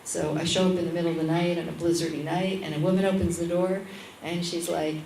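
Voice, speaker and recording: A woman midwife speaking as an interview guest, telling a lively anecdote and acting out the voices of the people in it. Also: fairly low pitch, fast talker, echoey room, distant mic, a little hiss or hum, low-quality recording. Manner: animated, acts out the voices in her stories. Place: restaurant at a lunchtime public talk.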